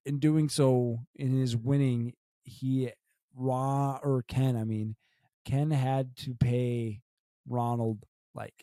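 A man's voice: mid-range voice, little pitch movement, slow pace, mellow, no echo, studio quality. A young adult man co-hosting a podcast, chatting casually and rambling with many restarts and fillers. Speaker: podcast co-host. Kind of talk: casual chat.

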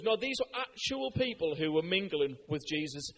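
A man giving a lively sermon, chatty and joking, asking the crowd questions. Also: high voice, a little fast, long reverb tail, rough recording. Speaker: preacher.

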